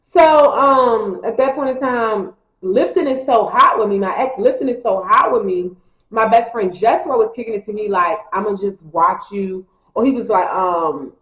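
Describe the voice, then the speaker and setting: A young woman tells a personal story casually, slangy and animated, acting out her friends' lines. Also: medium pitch, moderate pace. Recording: echoey room.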